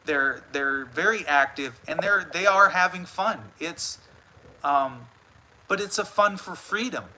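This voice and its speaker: A man's voice: on the high side, lively intonation, measured pace, pushed and bright, low-quality recording. An American man hosting a casual live stream, earnestly rambling with frequent restarts as he responds to viewer comments. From United States. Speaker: livestream host.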